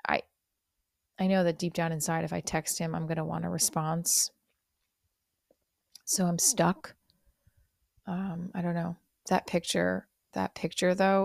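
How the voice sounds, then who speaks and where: A middle-aged woman hosting a podcast, talking through a confessional monologue in a rambling, halting way, sounding hurt and low. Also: vocal fry, a little mellow, dry recording, clean studio sound. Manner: rambling, halting, many fillers and restarts. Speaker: podcast host.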